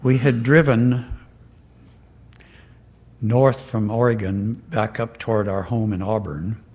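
An older man reading a letter aloud in an earnest, measured way, then telling a personal anecdote. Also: fairly low pitch, steady tone, a little mellow, slightly rough. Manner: slow, earnest, measured delivery. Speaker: storyteller.

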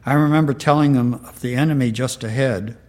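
An older man reading a letter aloud in an earnest, measured way, then telling a personal anecdote. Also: medium pitch, a little mellow. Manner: slow, earnest, measured delivery. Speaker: storyteller.

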